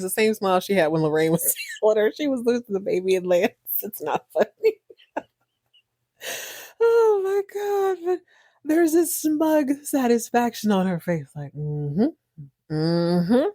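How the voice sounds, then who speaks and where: An animated woman telling a soap opera recap in slangy, lively casual talk. Her voice sits at a middle pitch. The recording is dry and close, with no room sound. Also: dry recording. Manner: animated, slangy, laughing storyteller. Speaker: podcast host.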